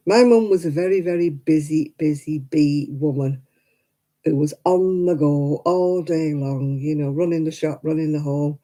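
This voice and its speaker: A woman's voice: sits low, steady tone, moderate pace, mellow, poor audio. An older woman, telling rambling personal stories in casual chat as host of a crafting livestream, full of "you know" asides.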